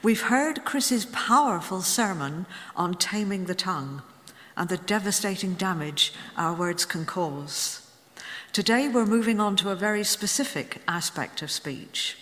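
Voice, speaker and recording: A woman's voice: mid-range voice, lively intonation, unhurried, a bit bright, in a large hall. A woman in her seventies preaching a sermon, telling a story with humorous asides. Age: 70s. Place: church.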